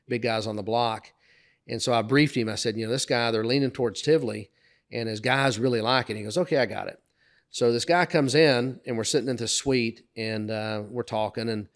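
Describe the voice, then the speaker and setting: Middle-aged man telling work stories. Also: mid-range voice. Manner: lively anecdotes, raising his voice to act out quoted bosses. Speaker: podcast co-host. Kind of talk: casual storytelling chat.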